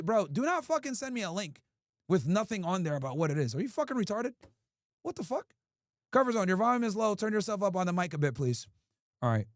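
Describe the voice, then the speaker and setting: A man's voice: sits high, no echo, studio quality. A man hosting a livestream in casual talk, profane and ranting as he answers his chat. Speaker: streamer host.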